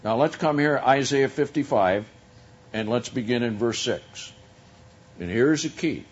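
A man preaching a sermon, teaching from scripture in a slow, deliberate way with drawn-out emphasis. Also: medium pitch, animated, muffled recording.

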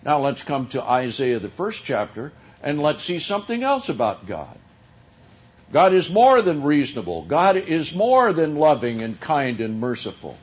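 A man preaching a sermon, teaching from scripture in a slow, deliberate way with drawn-out emphasis. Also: fairly high pitch, very animated, lo-fi sound.

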